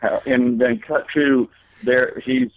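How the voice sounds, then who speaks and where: A man's voice: fairly high pitch, sing-song, takes it slowly, gravelly, no echo. A man talking as a guest comedian in a casual interview, telling long rambling stories with many fillers and restarts. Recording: tinny phone line.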